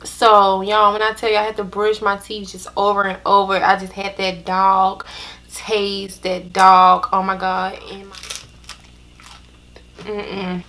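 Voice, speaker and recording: A young woman, telling a storytime to her viewers in an animated, drawn-out way. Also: mid-range voice. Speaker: vlogger. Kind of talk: casual storytime chat.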